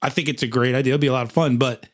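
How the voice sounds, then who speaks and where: A man's voice: medium pitch, steady tone, racing. A man in his sixties co-hosting a podcast, chatting casually and reading out news items with enthusiasm. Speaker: podcast co-host. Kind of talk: casual chat.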